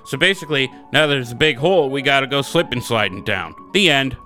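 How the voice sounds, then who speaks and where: A man's voice: medium pitch, animated, fairly quick, pushed and bright, soft background music. A man co-hosting a gaming podcast, rambling through a joking, profane recap in casual chat. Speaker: podcast co-host.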